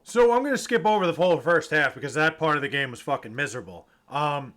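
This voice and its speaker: A man telling sports fan stories to the camera in a casual, animated and profane way, acting out the people he met. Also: fairly high pitch, fast.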